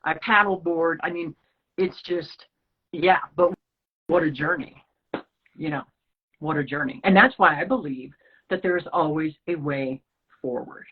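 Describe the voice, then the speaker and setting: A woman's voice: low voice, measured pace, pauses often, slightly rough. A woman guest telling a personal story in conversation, acting out the dialogue as she goes. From Rocky Mountain region of the US. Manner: animated storyteller, acts out quoted dialogue. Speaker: podcast guest. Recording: lo-fi phone-like line.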